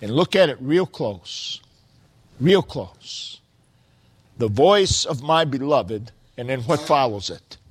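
A man preaching a sermon, quoting scripture slowly and building to loud, stretched-out exclamations. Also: medium pitch, animated, slightly rough. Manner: slow, deliberate preaching with quoted scripture.

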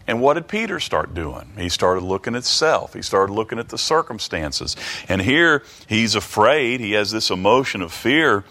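A man preaching a Bible study sermon, halting and restarting, reading scripture aloud and asking the listeners many rhetorical questions. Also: fairly low pitch, very animated, sharp tone. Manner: reads King James scripture aloud.

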